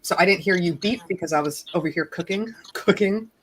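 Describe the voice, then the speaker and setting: A woman with a fairly low pitch, talking a little fast over background noise, hosts a casual live-stream hangout on a video call from home. She's bubbly and giggly, chatting while she cooks.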